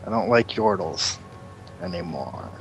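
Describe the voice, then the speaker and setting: A man's voice: low-pitched, big pitch swings, a little slow, gravelly, faint music behind. A young man chatting casually while playing a team video game, grumbling and cursing at his opponents. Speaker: gamer playing a team match.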